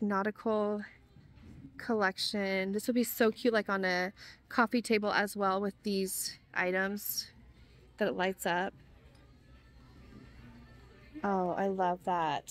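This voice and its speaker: Young woman vlogger, bubbly and excitable, talking through a shopping walk-through in a large store. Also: medium pitch. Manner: gushing, gasping with delight. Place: inside a large retail store.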